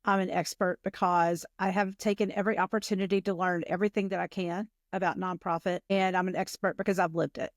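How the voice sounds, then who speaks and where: A woman's voice: fairly low pitch, flat delivery, fast, hardly any pauses, no echo. Earnest woman, dry sound. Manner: earnest and reflective. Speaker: coaching client. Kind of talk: coaching session.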